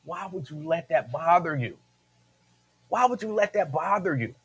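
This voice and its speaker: A male radio host with a slightly high voice delivers a loose, casual monologue. He hammers his points by repeating lines and breaks into laughs as he goes. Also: expressive, normal speed, husky. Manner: repeats phrases, emphatic, laughs between points.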